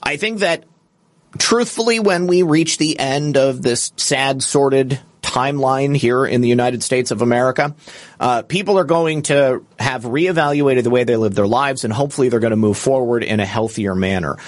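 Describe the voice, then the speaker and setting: A man's voice: medium pitch, normal speed, dry recording. A man hosting a live stream, chatting casually, rambling, and answering viewers' comments. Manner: rambling, conversational, reads chat comments aloud. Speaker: show host.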